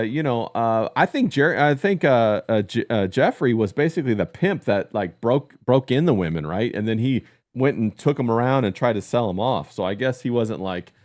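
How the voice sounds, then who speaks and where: A man's voice: mid-range voice, a little mellow. A man hosting a casual livestream podcast, laid-back and joking, reading out messages from the chat. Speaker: podcast host.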